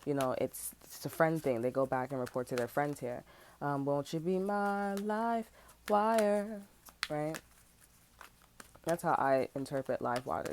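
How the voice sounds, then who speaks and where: Young woman, low voice, casual tarot reader: rambling, slangy, foul-mouthed, quick to get worked up. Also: dark tone, slight background noise. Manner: rambling, profane, slangy, heats up when ranting. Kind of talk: casual pick-a-card tarot reading.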